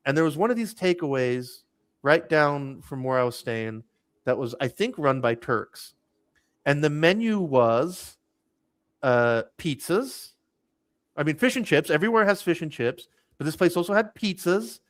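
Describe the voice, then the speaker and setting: A man's voice: a little high, lively intonation, unhurried, dry recording, studio quality. A man on a casual podcast, telling a rambling story with lots of restarts and "like"s. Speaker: podcast host. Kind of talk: casual chat.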